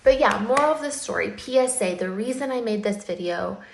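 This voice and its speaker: A woman's voice: on the high side, lively intonation, fairly quick, vocal fry, reverberant, noisy background. A woman in her thirties, an earnest parent telling a personal story straight to camera and filling her speech with "like" and "um". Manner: earnest, tearful at times, uses many fillers. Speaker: parent sharing a safety warning.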